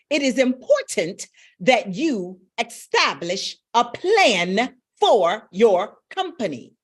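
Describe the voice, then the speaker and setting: A woman's voice: on the high side, fairly bright tone. A middle-aged woman vocal coach giving a live-streamed voice lesson, speaking directly to her viewers.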